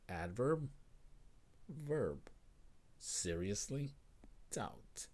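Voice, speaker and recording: An American man with a somewhat low voice hosts a live English lesson. He models each phrase slowly and clearly, repeating it for emphasis, and breaks off now and then to welcome viewers. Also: a little mellow. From United States. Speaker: English teacher.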